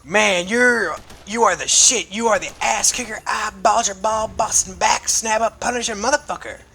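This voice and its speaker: A man voicing an excited male henchman gushing praise. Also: sits high, moderate pace, gravelly, a little hiss or hum, voice pushed up, exaggerated voice. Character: hyped-up fawning male henchman.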